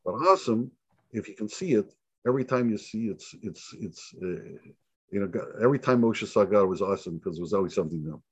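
A man's voice: on the low side, fast, husky, no room sound. A man who is a rabbi teaching an informal Torah lesson, telling stories and acting out the dialogue with many repeats. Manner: animated storyteller who acts out dialogue and repeats himself. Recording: dull lo-fi sound.

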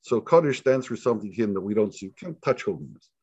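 Lowish and husky, the man talks at a quick pace with no echo, recorded in dull lo-fi sound. A rabbi teaching Torah casually, he animatedly tells stories, acts out the dialogue, and repeats himself a great deal.

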